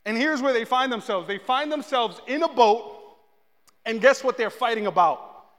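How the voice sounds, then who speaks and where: A man's voice: extremely high pitch, moderate pace. A man preaching a casual, comedic sermon in a church, telling stories and acting out what people say. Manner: animated storytelling, acts out quotes. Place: church sanctuary. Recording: long echo of a large hall.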